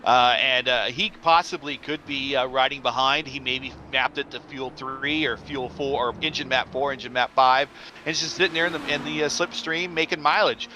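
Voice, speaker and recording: A man's voice: medium pitch, fairly even intonation, normal speed, pushed and bright. Analytical male race commentator, noisy line. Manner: analytical, hesitant, many uhs. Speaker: color commentator. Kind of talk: sim racing analysis.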